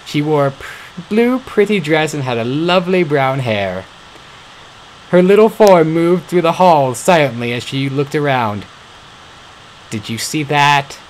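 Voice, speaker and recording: Guy reading fanfic out loud, trips over words, lively voice, faint hum behind. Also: a little high, measured pace, poor audio. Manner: stumbling, self-correcting. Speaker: fan-fiction reader. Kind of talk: reading a story aloud.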